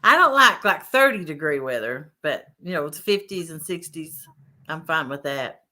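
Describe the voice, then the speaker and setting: A woman's voice: low voice, animated, normal speed, sharp tone. A woman hosting a casual fishing livestream, reading out chat names and greeting viewers. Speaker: livestream host.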